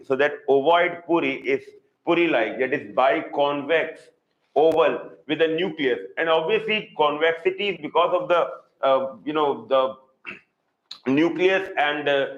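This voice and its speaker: A man with an Indian English accent teaching a live online zoology class, repeating key terms slowly for students. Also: a little high, dull audio.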